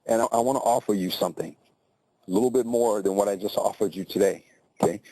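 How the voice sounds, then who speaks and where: A man's voice: on the low side, fast talker, dark tone, slightly rough, no echo, low-quality recording. A man voicing a blunt, businesslike male boss.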